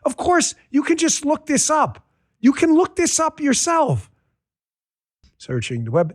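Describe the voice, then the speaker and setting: Guy hosting a political talk show, high voice, swings up and down a lot, sarcastic rant. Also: sing-song, normal speed. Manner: ranting, sarcastic, repeats punchlines for emphasis; talks straight to his audience and crew.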